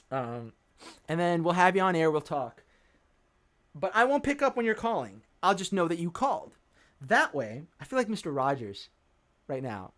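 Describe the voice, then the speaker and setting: Lively, high-voiced man chatting on a livestream. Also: big-room sound. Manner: rambling, self-deprecating, reads chat aloud. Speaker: livestream host. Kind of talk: casual livestream chat with singing.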